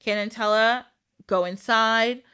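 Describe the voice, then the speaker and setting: A woman's voice: on the high side, steady tone, a little slow, pushed and bright, clear, resonant tone. A woman voicing a protective old king and father, speaking in a commanding, emphatic way.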